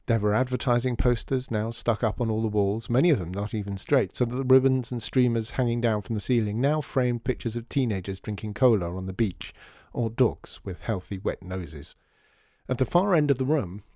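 A man reading a story aloud in a measured, calm way. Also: on the low side, no room sound, clean studio sound. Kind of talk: scripted narration.

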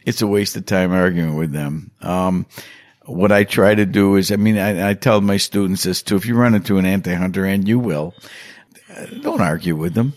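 A middle-aged man being interviewed, telling stories in a casual, animated way and acting out quotes with big jumps in voice. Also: deep voice, moderate pace, no room sound, clean studio sound. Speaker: hunter and hunting instructor, interview guest.

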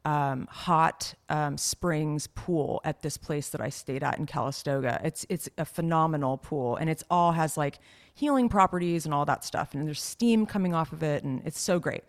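A woman with a deep voice co-hosts a podcast at a moderate pace. In casual chat she tells stories in a rambling, chatty way, using lots of fillers.

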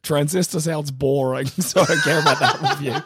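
A sick man with a sore, hoarse throat, chatting casually as a podcast co-host and mocking himself with frequent laughs. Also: on the high side, fairly even intonation, normal speed, heavy background noise. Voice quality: hoarse, gravelly. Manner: self-mocking, laughing often. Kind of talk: casual chat.

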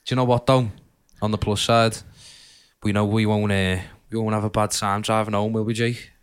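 A man's voice: lowish voice, level tone, moderate pace, smooth. A young man with a Liverpool accent chatting casually and swearing freely on a podcast. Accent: Liverpool (Scouse). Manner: swears freely, chatty, rambling, laughs often. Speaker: podcast co-host. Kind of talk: casual chat.

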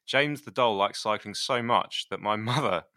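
Lower, bright co-host telling stories. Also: male voice, moderate pace, no room sound, clean studio sound. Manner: lively storyteller, laughs often. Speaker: podcast co-host. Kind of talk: casual podcast chat.

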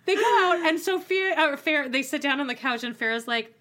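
A woman's voice: high-pitched, animated, fairly quick, fairly bright tone. A young woman co-hosting a casual chat, blunt and sarcastic, swearing freely as she recaps. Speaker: podcast co-host.

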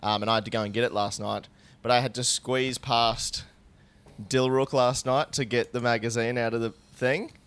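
A young Australian man co-hosting a comedy podcast, crude and excitable, laughing often as he tells stories and plugs shows. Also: mid-range voice, moderate pace, clean tone. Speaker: podcast co-host. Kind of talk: casual comedy podcast chat.

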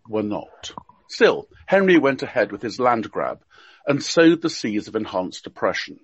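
Man, husky and wry, presenting a prepared talk over muffled call audio. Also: medium pitch, dry recording. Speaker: panelist presenting a topic. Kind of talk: prepared talk read aloud.

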